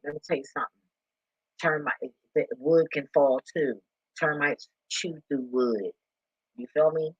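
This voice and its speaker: Guy ranting and cussing, kinda husky, dull dry recording. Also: mid-range voice, no room sound. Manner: animated and profane, laughing and swearing freely. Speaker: commentator. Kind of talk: profane casual rant.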